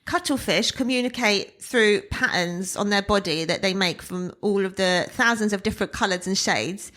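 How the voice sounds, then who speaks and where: A woman co-hosting a casual podcast, cheeky and quick with quips. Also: medium pitch, a bit bright. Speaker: podcast co-host, wig maker. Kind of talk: casual chat.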